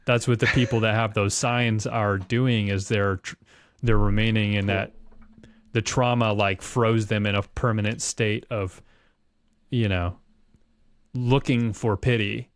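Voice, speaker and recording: A man's voice: lowish voice, fairly even intonation, unhurried, dry recording. A man hosting a podcast, talking reflectively in long musing runs. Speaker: podcast host. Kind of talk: casual chat.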